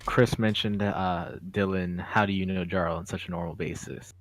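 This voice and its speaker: Low-voiced guy, deadpan crude jokes, dry close sound. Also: normal speed, no room sound, poor audio. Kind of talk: casual podcast banter.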